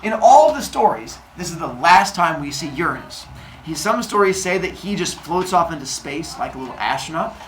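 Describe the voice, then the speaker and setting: A man's voice: a little high, big pitch swings, normal speed, fairly bright tone. Playful man telling a myth to kids. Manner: playful, goofy sound effects. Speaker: storyteller, podcast host. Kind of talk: animated myth storytelling for kids. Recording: echoey room with faint noise.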